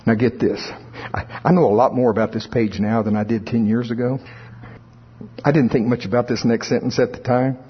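Guy preaching, kinda husky, chatty, does little voices of church folks, muffled lo-fi recording. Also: mid-range voice, fairly even intonation, fairly quick. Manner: conversational, playfully acts out congregants' voices. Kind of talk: sermon. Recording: dull lo-fi sound.

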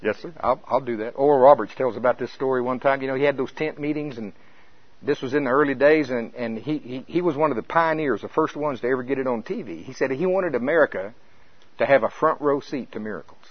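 An older man preaches a sermon in a folksy, impassioned way that swells and falls back. His voice is husky and sits at an ordinary pitch. The sound is dry and slightly muffled. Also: fast talker, no echo.

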